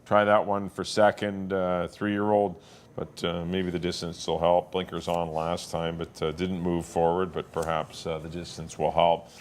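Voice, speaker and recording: A man giving his horse racing picks in a relaxed, halting way, with plenty of filler words. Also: deep voice, a little hiss or hum. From Canada. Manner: relaxed, hesitant with many uhs. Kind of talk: casual racing picks chat.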